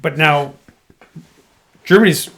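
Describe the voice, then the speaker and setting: A man co-hosting a casual sports podcast, jokey and animated, slipping into silly voices. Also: a little high, takes it slowly, vocal fry. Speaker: podcast co-host.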